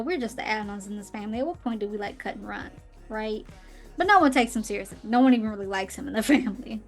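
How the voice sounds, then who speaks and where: Chatty young woman recapping a film. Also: on the high side. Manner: chatty retelling with acted quotes and fillers. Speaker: podcast host. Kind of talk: casual movie recap.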